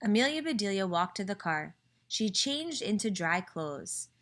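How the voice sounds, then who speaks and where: A woman teacher reading a picture book aloud to children, clear and expressive, pausing to ask them questions. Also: medium pitch.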